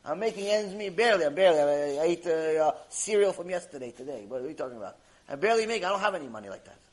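Man playing a confused everyday working guy, stammering and flustered, higher-voiced. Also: expressive, rapid-fire. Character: bewildered plain working man, middle-aged, flustered.

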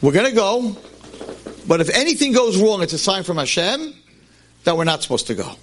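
A man's voice: high-pitched, very animated, fairly quick, a little hiss or hum, pitched above the performer's own voice. A man doing a stubborn worried father. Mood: insistent. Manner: insistent, exasperated. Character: stubborn anxious father, fearful of signs.

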